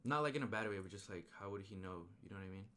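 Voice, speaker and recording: Casual male movie reviewer, very low voice, chatty rambling recap, slangy delivery. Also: rapid-fire. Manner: rambling, animated retelling with slang and restarts.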